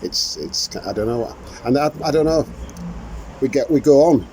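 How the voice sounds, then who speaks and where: An older man hosts a relaxed outdoor chat, his voice dark and mellow as he wanders through rambling stories and breaks into laughter. A faint wash of outdoor noise sits behind him. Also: mid-range voice, normal speed, low-quality recording. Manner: rambling anecdotal storyteller, laughs often. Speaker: podcast host. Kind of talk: casual chat. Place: outdoors in the sunshine.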